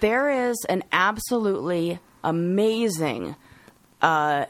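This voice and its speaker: A woman co-hosting a podcast, talking openly about her own feelings with halting restarts. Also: on the low side, animated, no room sound. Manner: open, confessional, halting with restarts. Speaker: podcast co-host. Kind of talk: casual podcast chat.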